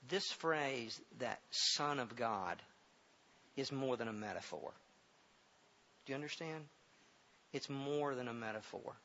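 A middle-aged pastor telling a personal story in a sermon, halting and repeating words, then growing loud and emphatic as he preaches. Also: mid-range voice. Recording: dull lo-fi recording with faint hiss.

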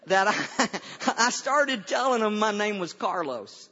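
A man's voice: high voice, very animated, a little slow, background noise. An older man, a pastor, preaching a folksy sermon and often repeating his first words before a thought. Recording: dull sound with long hall reverb.

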